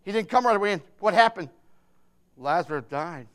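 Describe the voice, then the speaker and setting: A man preaching a sermon without notes, swinging from loud shouted declarations to soft, hushed reassurance, with lots of repetition and emphasis. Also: high voice, expressive, a little fast, clear, resonant tone. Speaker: pastor. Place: church.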